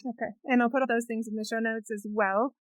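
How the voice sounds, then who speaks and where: Woman, podcast host, reflective, casual fillers, slightly high pitch, dry studio sound. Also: fairly even intonation, fairly quick, no room sound, rough recording. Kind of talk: podcast interview and outro.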